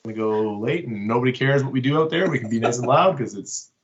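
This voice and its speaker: A man's voice: medium pitch, a little fast, lo-fi sound, slight background noise. A man in a band, guesting on a casual podcast, joking and teasing with the hosts. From Canada. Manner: joking, teasing, laughs often. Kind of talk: casual chat.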